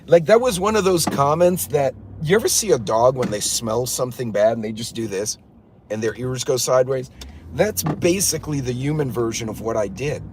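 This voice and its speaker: A middle-aged man hosting a casual livestream from a car, telling a story in an animated, incredulous way. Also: mid-range voice, normal speed, noisy background. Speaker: livestream host.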